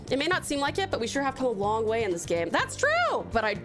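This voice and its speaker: A woman on a live stream, her voice pitched a touch high and swinging up and down with delight. She talks casually and giggles as she thanks each viewer by name, with music clearly playing underneath. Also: big pitch swings, normal speed. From Tasmania, Australia.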